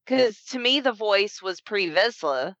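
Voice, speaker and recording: Animated woman, dull dry recording. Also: mid-range voice, a little slow, no echo. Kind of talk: casual chat.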